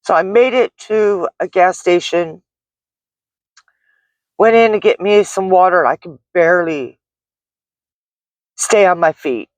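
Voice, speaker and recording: Speaking slowly with long pauses in a fairly low voice, a middle-aged woman describes a frightening incident from her delivery-driving job. Her vlog retelling is shaken and rambling, packed with restarts and fillers, on a dry recording.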